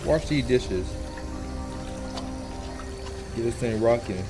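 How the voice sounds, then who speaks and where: An animated young man giving casual let's-play commentary at an average pitch. He jokes, rambles and trash-talks the characters in a loose, playful way. Video game music plays clearly behind him. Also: slow pace. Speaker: gaming YouTuber.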